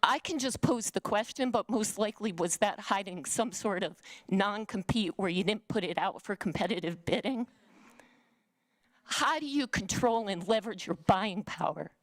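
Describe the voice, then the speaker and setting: A woman's voice: mid-range voice, moderate pace, dry recording. A woman making a public comment to a town council, firing off pointed questions while admitting she is nervous, with a Northeastern US accent.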